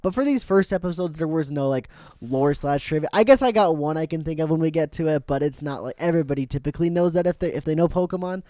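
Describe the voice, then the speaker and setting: A man hosting a podcast, recapping cartoon episodes in casual, animated chat and laughing often. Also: fairly high pitch, fast, hardly any pauses, no room sound, clean studio sound. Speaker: podcast host.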